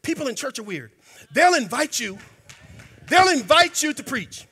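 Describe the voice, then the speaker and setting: A man preaching a sermon in a church, emphatic and colloquial, sometimes breaking into shouts. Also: extremely high pitch, very animated, normal speed. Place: church sanctuary. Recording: long hall reverb.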